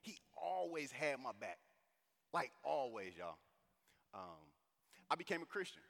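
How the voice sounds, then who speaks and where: A man in his thirties from St. Louis giving a personal testimony at a conference, telling the story in a casual, animated way with lots of slang asides. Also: mid-range voice, a little slow, creaky. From St. Louis, USA. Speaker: conference speaker. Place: conference hall. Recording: echoey hall reverb.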